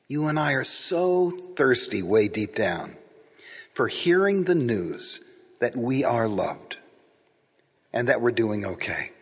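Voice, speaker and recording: Preacher, man, slow reflective sermon delivery, slightly breathy voice, long church reverb. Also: mid-range voice, big pitch swings.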